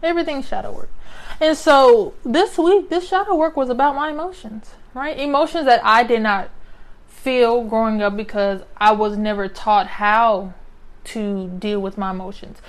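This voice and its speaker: A fairly high-voiced young woman speaks in a relaxed, reflective monologue. She keeps checking in with her listeners by tagging her points with a quick "right?", and her voice has an easy conversational flow. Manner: conversational, often adds "right?" as a tag. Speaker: speaker sharing personal reflections.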